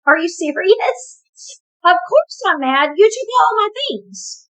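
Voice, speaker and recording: A man's voice: very high-pitched, very animated, takes it slowly, fairly bright tone, pitched above the performer's own voice, full character voice, low-quality recording. A woman voicing an indignant man who has been robbed, in an exasperated, incredulous way.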